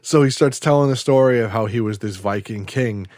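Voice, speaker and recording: A man hosting a podcast, retelling an episode in a casual, animated storytelling way. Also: medium pitch, brisk, no room sound, clean studio sound. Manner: animated storytelling, acting out quotes. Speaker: podcast host.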